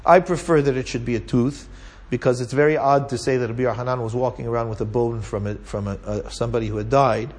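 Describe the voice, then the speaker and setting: A man's voice: medium pitch, fairly even intonation, quick pace, hardly any pauses. A man teaching a Talmud class, retelling a story with Hebrew and Aramaic terms and often checking in with "right?". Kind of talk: lively Torah class storytelling.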